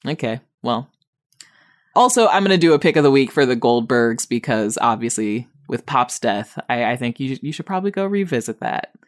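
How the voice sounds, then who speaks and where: A woman hosts a casual TV-review podcast, rambling with plenty of fillers and a wry, exasperated edge. She is high on weed as she talks. When she mocks someone her pitch leaps sharply upward. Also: animated, moderate pace. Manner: wry, exasperated, jumps high for mock quotes. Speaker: podcast host.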